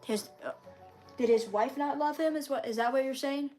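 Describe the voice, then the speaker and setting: Brief: woman, somewhat high voice, halting casual chat, faint music underneath. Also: mellow. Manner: hesitant, halting, full of fillers.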